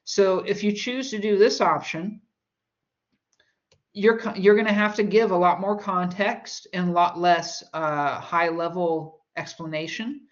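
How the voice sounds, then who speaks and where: A woman's voice: on the low side, fairly even intonation, measured pace, lo-fi sound. A woman teaching a college English course in a recorded lecture, explaining with everyday examples and chatty asides.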